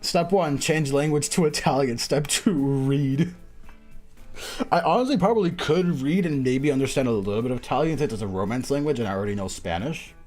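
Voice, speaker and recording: A man chats casually to his live-stream audience in an ordinary mid-range voice, rambling and poking fun at himself with frequent laughs. Faint music plays quietly behind him. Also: mid-range voice, fairly quick. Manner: self-deprecating, laughs often, rambling.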